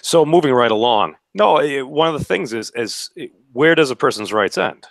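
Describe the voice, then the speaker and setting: A man's voice: medium pitch, normal speed, creaky, dry recording, clean studio sound. A man rambling animatedly as a panelist on an online video call. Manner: rambling, animated, says frickin'. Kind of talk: casual banter in an online hangout.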